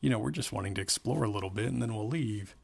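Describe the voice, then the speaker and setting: A man reading aloud, voicing a quick-thinking young woman who coaxes and flatters. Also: on the low side, vocal fry, husky, heavily acted. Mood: coaxing. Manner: coaxing, flattering.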